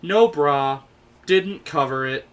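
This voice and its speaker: A young man in his twenties co-hosting a casual podcast, telling a long story with lively acted-out quotes. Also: on the high side, slow pace, a crowd in the background. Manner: animated storyteller, acts out quoted voices. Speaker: podcast co-host.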